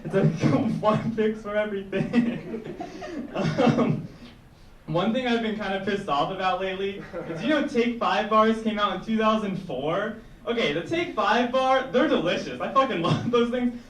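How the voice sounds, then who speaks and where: High-voiced young man chuckling through stand-up. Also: unhurried, slight background noise. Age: young adult. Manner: rambling, chuckles through his own jokes. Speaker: stand-up comedian. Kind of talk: stand-up set. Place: small indoor comedy room with audience. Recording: echoey room mic from far off. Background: audience laughter.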